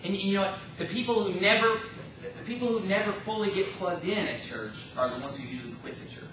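Pastor, male, high bright voice, emphatic sermon delivery, far-off mic in a very echoey church. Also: fast, background noise. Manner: emphatic preaching, rising and falling in force. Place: church sanctuary.

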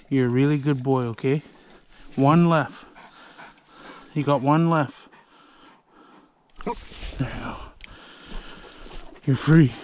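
A man outdoors talking casually and gently coaxing and soothing his dog. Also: a little high, slight background noise. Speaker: vlogger. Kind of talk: casual talk while outdoors. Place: outdoors in the woods.

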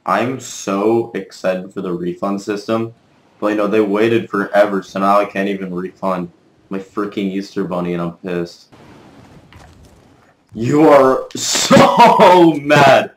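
A man giving live gameplay commentary as a gaming video creator, excitable, cursing mildly and trash-talking his opponents. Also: sits low, moderate pace, slight background noise. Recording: roomy echo.

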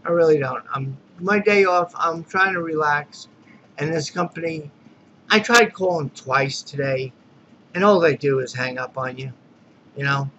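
A man's voice: fairly high pitch, a little slow, a bit bright. A man venting in an irritated, exasperated rant as a dissatisfied customer in a complaint video. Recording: dull lo-fi recording with faint noise.

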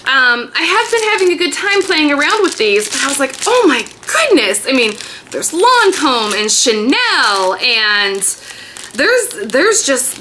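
Bright, chatty woman in her thirties. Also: sits high, a little hiss or hum. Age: 30s. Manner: chatty and excitable, gushing. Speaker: beauty vlogger. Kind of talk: casual haul video chat.

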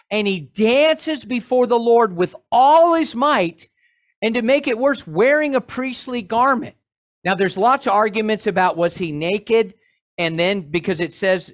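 A male pastor preaching a sermon in an animated way, with joking asides to his congregation. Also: sits high.

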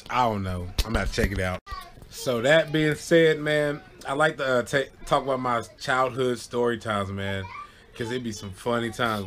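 A young man telling a childhood story in a relaxed, rambling vlog style, often checking in with "you know what I'm saying" and breaking into laughter. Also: medium pitch. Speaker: vlogger. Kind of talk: casual storytelling.

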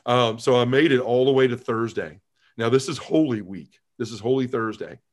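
A man in his forties tells his story with feeling, middle-pitched and animated. He slips into quick voices for his past self. His telling stays earnest from start to finish. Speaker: podcast guest.

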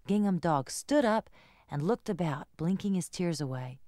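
Expressive woman reading a children's story. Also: fairly low pitch, a little slow, dry recording, studio quality. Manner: expressive, sing-song storytelling. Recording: guitar music behind.

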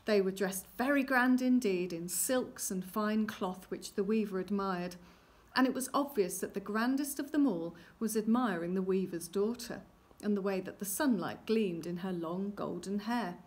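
A woman storyteller reading a traditional fairy tale aloud in a gently expressive way. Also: mid-range voice, moderate pace.

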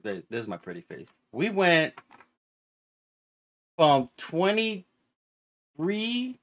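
A man streaming, chatting casually in an excitable, slangy way, and he swears now and then. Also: on the high side.

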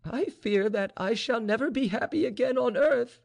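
A man voicing a heartbroken young woman, a general's daughter, in a soft, trembling murmur. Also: sits high, sing-song, unhurried, pitched above the performer's own voice, exaggerated voice. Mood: grief-stricken.

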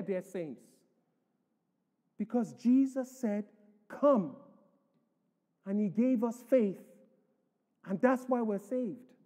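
A man's voice: high-pitched, expressive, slow pace, pauses often, warm tone. A man preaching a sermon as pastor, emphatic, reading scripture aloud to the church. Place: church hall. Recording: echoey church hall.

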